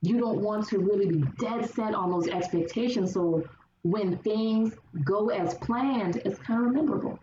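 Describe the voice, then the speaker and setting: A woman's voice: medium pitch, normal speed. Woman guest in an echoey, distant recording. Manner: animated storyteller who acts out quotes. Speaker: podcast guest. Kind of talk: casual conversation. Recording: echoey, distant, dull lo-fi, faint noise.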